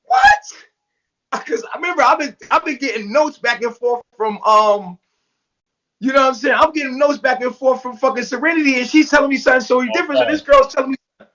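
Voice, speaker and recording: A man telling a story in casual, profane talk on a live voice call. He gets animated as he acts out what people said. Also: extremely high pitch, fast, lo-fi sound. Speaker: streamer telling a story to callers. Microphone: microphone on a live voice call.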